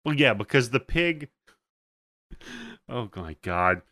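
Slow-talking, profane podcast host. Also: male voice, mid-range voice, sing-song, sharp tone, no room sound, clean studio sound. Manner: profane, laughing, play-by-play retelling. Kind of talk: casual chat recapping a movie.

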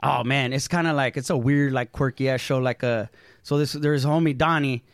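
A man guesting on a podcast, telling stories in a relaxed, slangy way and calling everyone homie. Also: medium pitch, moderate pace, no room sound, clean studio sound. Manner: slangy storytelling, calls people homie. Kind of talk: casual chat.

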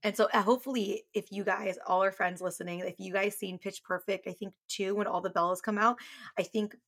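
Young woman, podcast co-host, mid-pitched, animated storyteller who squeals quoted lines. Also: a little fast. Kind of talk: casual chat.

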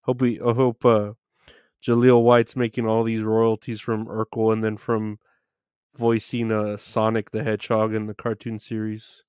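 A man's voice: on the low side, monotone, moderate pace, a little mellow, smooth, no room sound, clean studio sound. A man hosting a live stream, chatting casually and rambling with plenty of swearing as he reads the chat. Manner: rambling, profane, easygoing.

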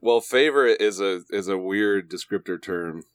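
Young male guest with a very low voice. He rambles in a relaxed way from a home studio. Dry sound. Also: normal speed, clean tone, dry recording. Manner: rambling, many fillers and asides. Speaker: podcast guest. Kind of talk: casual podcast chat.

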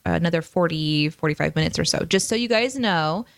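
A woman's voice: on the low side, brisk, vocal fry, dry recording, clean studio sound. A woman co-hosting a casual livestream chat, laughing easily and reading out comments from the chat. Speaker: podcast co-host.

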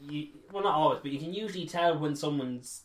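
A man's voice: a little high, fast. A man co-hosting a casual gaming podcast, telling stories wryly and laughing along. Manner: wry, laughs through his stories. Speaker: podcast co-host. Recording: echoey room.

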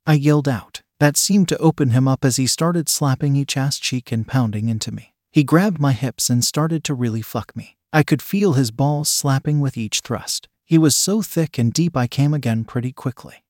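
A man reading an adult story aloud, with a steady, unhurried delivery. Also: medium pitch, dry recording, clean studio sound. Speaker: story reader.

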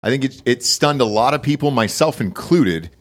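A man's voice: mid-range voice, expressive, normal speed. A man co-hosting a podcast in casual chat, worked up, rambling and swearing. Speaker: podcast co-host.

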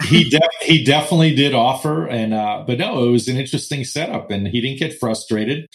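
A man's voice: mid-range voice, brisk, rough recording. Man telling business stories. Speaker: business owner guest. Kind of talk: casual interview chat.

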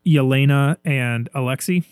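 A man's voice: mid-range voice, normal speed, clear, resonant tone, no echo, studio quality. A man chatting casually as co-host, enthusiastic and acting out quoted lines from scenes. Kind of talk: casual chat.

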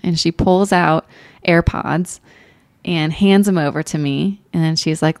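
A woman telling a personal story in casual chat, animated and emotional, laughing often. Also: medium pitch, unhurried, no room sound, clean studio sound. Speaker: podcast co-host.

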